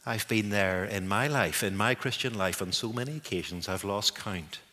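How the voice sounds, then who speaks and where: A man's voice: on the low side, normal speed, pushed and bright. A man preaching a sermon in an emphatic way, repeating words to stress them, heard in a reverberant church hall. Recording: long echoing hall reverb.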